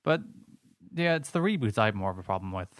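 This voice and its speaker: Fast-talking opinionated male co-host. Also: fairly low pitch, big pitch swings, no room sound, studio quality. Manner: quick, opinionated banter. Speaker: podcast co-host. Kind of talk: casual podcast chat.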